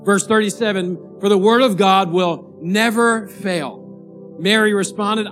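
A man, a pastor, preaching a sermon and telling a story in a lively, animated way. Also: sits high, measured pace, soft background music. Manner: animated storyteller, rising to excited shouting at the climax.

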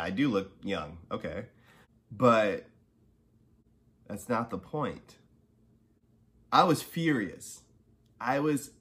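Hosting a podcast, a man with a fairly low, fairly bright voice recounts something that happened to him. His delivery is loose and casual, full of "right?" and "you know" asides, and it turns heated when he's angry.

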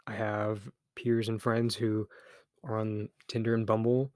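A man's voice: lowish voice, level tone, unhurried, darkish tone, no echo, studio quality. A young man hosting a solo podcast, talking candidly and loosely, thinking aloud with restarts, a little embarrassed but encouraging. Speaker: podcast host. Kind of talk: casual solo podcast monologue.

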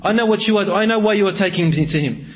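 A man's voice: high voice, fast talker, natural voice. A man voicing a terrified young man who pleads in panic and remorse, on a dull recording. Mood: pleading. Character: terrified young male sinner, weeping in remorse.

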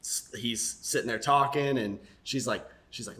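A man's voice: on the low side, moderate pace, hardly any pauses, bright, forceful tone. A young man co-hosting a casual podcast, talking in a laid-back way with lots of fillers and chuckles as he tells a joke. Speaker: podcast co-host.

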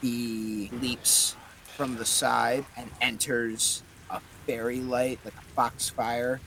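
A man narrating a tabletop horror game as game master, slow and descriptive. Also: medium pitch, fairly bright tone, slight background noise.

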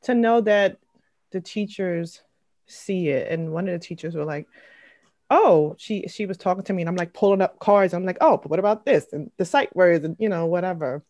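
A woman in her thirties talks through her week in a relaxed, rambling way, with lots of "like" and "um". Her voice sits a little low, and the call sound is dry and close with no room echo. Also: brisk. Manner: chatty, fillers and trailing "like", acts out quotes. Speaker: mom sharing her week. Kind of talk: casual group chat.

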